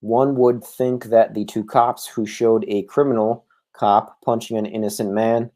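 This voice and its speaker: Podcast guy reading news stories w/ ums and uhs, lowish mellow voice, own mic. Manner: reads news text with filler words. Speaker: podcast host. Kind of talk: news commentary. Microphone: own desk microphone.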